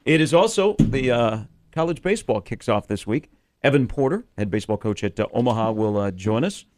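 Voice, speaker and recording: A man's voice: mid-range voice, animated, fairly quick, a little mellow. Man, sports radio host, casual rambling talk, lots of ums and uhs. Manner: rambling, many filler words.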